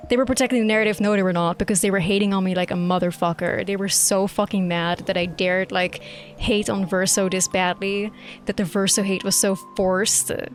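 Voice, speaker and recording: A woman streamer reacting live to a game, ranting emphatically and swearing freely. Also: mid-range voice. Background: quiet game music.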